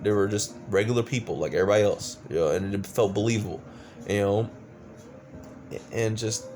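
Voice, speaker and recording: A man's voice: lowish voice, darkish tone. A man giving a casual, exasperated movie review, swearing often and stumbling over fillers. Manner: exasperated, profane ranting with many fillers.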